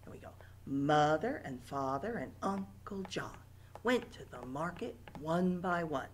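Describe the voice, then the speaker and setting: Woman librarian for toddler story time, slow sing-song rhymes, swooping lively delivery, a bit lower voice. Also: slight background noise. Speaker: children's librarian. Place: library, alone on camera.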